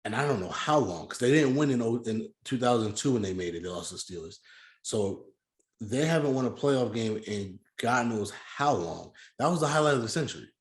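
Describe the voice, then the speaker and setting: A man's voice: mid-range voice, animated, a little fast. Man, podcast co-host, casual sports chat, argumentative, repeats himself, roomy echo.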